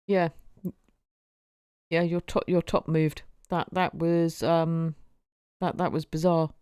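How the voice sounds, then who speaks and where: A woman's voice: deep voice, flat delivery, slow pace, warm tone, smooth, no room sound, studio quality. A woman streaming, chatting casually with viewers and often repeating her words as she goes. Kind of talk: casual live-stream chat.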